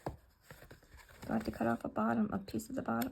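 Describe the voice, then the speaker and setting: A woman's voice: a little high, little pitch movement, fast talker, creaky, darkish tone, slight background noise. A middle-aged woman chatting casually and muttering to herself as she works on a paper craft at home. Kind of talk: casual talk while crafting.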